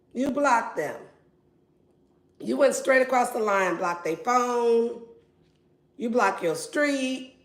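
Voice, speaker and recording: A woman giving a casual tarot reading in a brash, playful and profane way. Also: a little high. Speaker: tarot reader. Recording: roomy echo.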